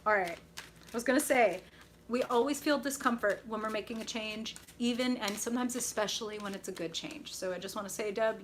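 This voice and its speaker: A woman's voice: on the high side, a little hiss or hum. A young woman hosting a live tarot reading stream, gushing and enthusiastic as she reacts to viewers. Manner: bubbly, gushing, reacts to chat with excited squeals.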